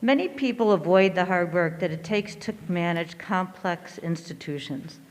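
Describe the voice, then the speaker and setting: A middle-aged woman, an educator, reading a measured and earnest prepared statement at a school board meeting. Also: fairly low pitch. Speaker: educator giving public comment. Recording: hall reverb.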